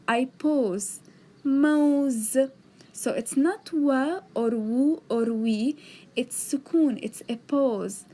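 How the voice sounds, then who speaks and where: A woman's voice: high voice, mellow. A woman teaching a beginners' alphabet lesson, patiently sounding out letters and words and explaining each step. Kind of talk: slow explanatory lesson narration. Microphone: tablet microphone.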